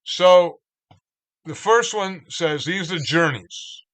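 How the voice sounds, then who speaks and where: Slow, bright-voiced man teaching Torah. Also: high voice. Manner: slow, reflective, with many restarts and asides. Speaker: cantorial spiritual leader. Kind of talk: online Torah study teaching.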